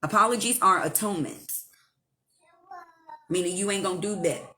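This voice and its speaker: A woman hosting a casual live stream from home, giving spiritual advice in a blunt, profane, animated way. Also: medium pitch, moderate pace. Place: at home with her child nearby.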